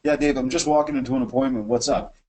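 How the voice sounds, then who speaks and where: A man voicing a busy male client who is rushing into a meeting, speaking curtly on the phone. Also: medium pitch, steady tone, a little mellow, close to an everyday voice. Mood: brushing off. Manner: brusque, rushed, then eager.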